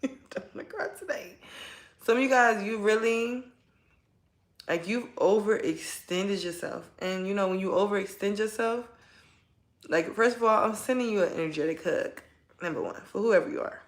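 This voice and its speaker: A woman doing a casual tarot reading at home, chatting directly with her viewers in a warm, heartfelt way. Her voice has an ordinary middle pitch, and the room around her sounds echoey. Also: moderate pace. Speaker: tarot reader. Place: at home, kids nearby.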